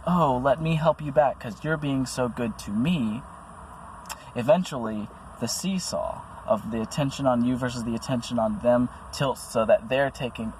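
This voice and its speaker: A man's voice: mid-range voice, a little mellow, slight background noise, poor audio. A man speaking about his own experiences in an earnest, rambling monologue, full of restarts and fillers. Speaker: vlogger. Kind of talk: personal monologue to camera.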